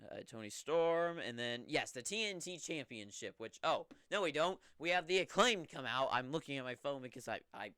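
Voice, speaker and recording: Young male host for a loose solo recap; rambles offhand, breaks into excited bursts, voice bright and clear. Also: medium pitch, normal speed, few pauses, dry recording, clean studio sound.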